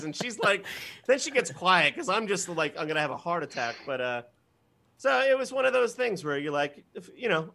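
A man in his thirties, a podcast guest, telling comic stories in an animated way, swearing and acting out voices. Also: high-pitched, normal speed, gravelly. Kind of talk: comedic storytelling.

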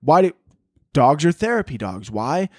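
Male podcast host, profane joking riff, fairly high voice, dry close sound. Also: normal speed, no room sound. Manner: profane, animated, acts out voices for laughs. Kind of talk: casual comedic monologue.

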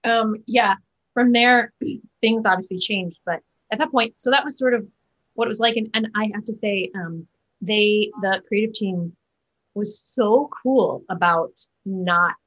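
Husky-voiced chatty woman, muffled recording. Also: mid-range voice, measured pace, a bit bright. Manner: chatty, many fillers and restarts. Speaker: Broadway actor, guest. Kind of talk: casual interview chat.

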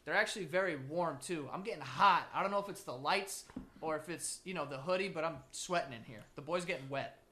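A young man co-hosting a podcast from a makeshift home studio, joking loudly and crudely in casual banter. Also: a little high, brisk, a little hiss or hum. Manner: loud, joking, crude, animated. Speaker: podcast co-host.

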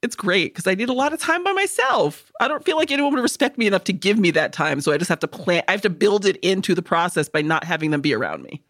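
A woman's voice: medium pitch, fast talker, few pauses. A woman co-hosting a podcast, chatting casually with crude, joking humor. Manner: profane, joking, animated. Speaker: podcast co-host. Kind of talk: casual comedic chat.

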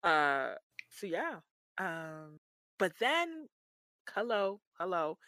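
A woman co-hosting a casual podcast, recapping a show with animated, slangy, playfully exasperated talk. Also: on the low side, drawn-out words, no echo. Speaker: podcast co-host.

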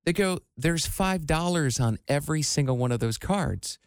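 A man in his forties hosting a radio show, telling stories in a relaxed, rambling way with lots of "like" and a dry studio sound. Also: on the high side, normal speed, clear, resonant tone, dry recording. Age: 40s. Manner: storytelling, laid-back with frequent likes. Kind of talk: casual chat. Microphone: studio microphone.

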